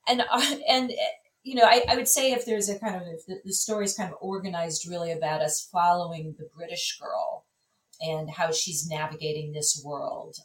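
A woman film critic, a guest in a casual conversation, talking in an animated way with many fillers and restarts. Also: on the low side, moderate pace. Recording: echoey room, distant mic.

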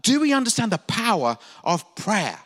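Bright-voiced male preacher in a reverberant hall. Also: high voice, wildly swooping pitch, moderate pace. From England. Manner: preaching with rhetorical questions and acted-out quotes. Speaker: pastor. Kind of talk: sermon.

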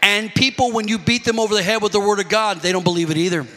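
A man's voice: high voice, fairly even intonation, quick pace, pushed and bright, big-room sound. A man preaching a sermon, telling stories animatedly and calling out to his congregation. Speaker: pastor.

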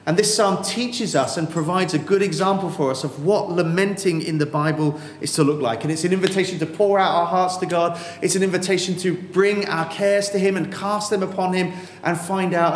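Pastor guy preaching, kinda high voice, big echoey hall, earnest and emphatic. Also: normal speed, hardly any pauses, slight background noise. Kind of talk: sermon. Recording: echoey hall with faint ambience.

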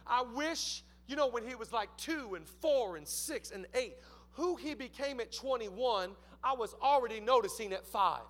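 Male pastor, sermon, animated storytelling, high voice, bright tone. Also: moderate pace.

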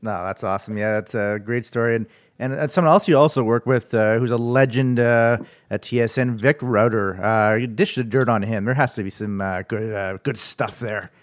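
A man's voice: fairly low pitch, moderate pace, dry recording, studio quality. A man interviewing a guest, prompting him with friendly questions. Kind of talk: casual interview.

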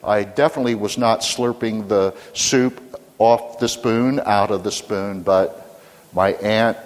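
A man's voice: lowish voice, slow pace. An older man, a pastor, preaching a sermon with humorous storytelling and questions to the congregation. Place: church sanctuary. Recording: reverberant church hall.

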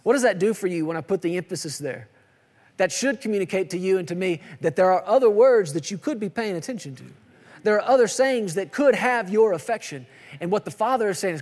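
A man's voice: high-pitched, expressive, fairly quick, darkish tone. A man in his thirties preaching a sermon, emphatic and repetitive with playful asides. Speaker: pastor. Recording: long hall reverb.

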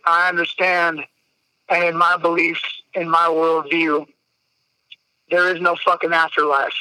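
A man's voice: fairly high pitch, sharp tone, clear, resonant tone, no echo, rough recording. A man, telling a personal story on a podcast in a candid, emotional way, swearing freely. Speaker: podcast guest. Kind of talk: casual storytelling.

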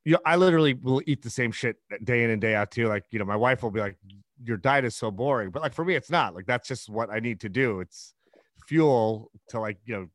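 A man's voice: medium pitch, fairly quick, no room sound, clean studio sound. A man hosting a podcast, chatting loosely with lots of fillers and agreeable replies. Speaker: podcast host. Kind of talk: casual interview chat.

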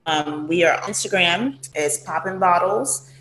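A woman's voice: lowish voice, normal speed, reverberant. A woman co-hosting a podcast, chatting casually with many fillers. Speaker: podcast co-host.

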